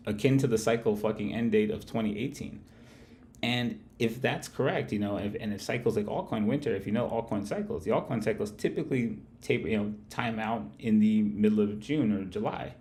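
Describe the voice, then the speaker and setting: A man with a lowish voice hosts a live trading stream in a loose, rambling way. He swears constantly and keeps turning to address his viewers directly. A faint hiss sits under his voice. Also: darkish tone. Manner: profane, rambling, talks to chat directly. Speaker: host of a live market-analysis stream. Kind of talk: casual livestream market commentary.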